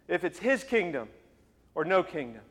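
A man preaching a sermon as pastor, emphatic, with forceful repeated phrases. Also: high-pitched, very animated, normal speed, big-room sound. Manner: emphatic, rising to forceful repetition.

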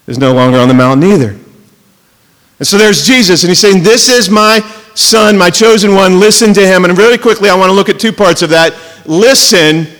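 A man giving a sermon as a pastor, mixing casual storytelling and jokes with emphatic preaching, slowing down to stress key words. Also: high-pitched, fairly bright tone, long reverb tail. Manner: conversational storytelling with jokes and asides.

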